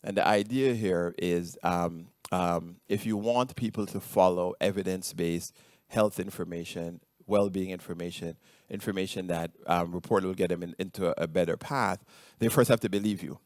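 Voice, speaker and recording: Low-voiced Jamaican-accented man presenting. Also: steady tone, moderate pace, darkish tone, dry recording, clean studio sound. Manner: hesitant, many ums and restarts. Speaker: conference speaker. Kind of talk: conference presentation.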